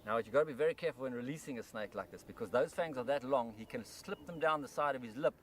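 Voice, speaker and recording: A man's voice: mid-range voice, fast talker, a little hiss or hum. A man presenting a wildlife documentary outdoors by rice paddy fields, enthusiastically explaining as he handles a snake.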